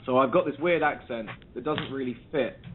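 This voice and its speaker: Speaking briskly at a medium pitch, a South London musician guest muses reflectively by phone in a relaxed interview. He keeps restarting his sentences and filling gaps with ums, over a faint hiss or hum.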